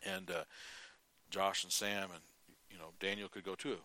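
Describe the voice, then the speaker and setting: A middle-aged male preacher giving a sermon, telling folksy stories, acting out quotes and often clearing his throat. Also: low-pitched, flat delivery, moderate pace, pushed and bright.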